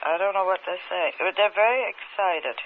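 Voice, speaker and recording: Woman recalling under hypnosis, on tinny old tape. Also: fairly low pitch. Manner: halting, hesitant speech with many restarts; slow, dreamy present-tense recall. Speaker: hypnosis subject. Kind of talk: recounting a memory under hypnosis. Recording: tinny old archive tape with faint hiss.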